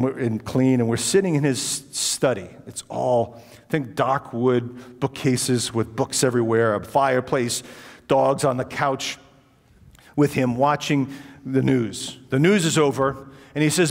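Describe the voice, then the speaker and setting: A man telling a personal story in a talk, animated and acting out the dialogue, in a reverberant hall. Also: medium pitch, unhurried. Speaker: speaker.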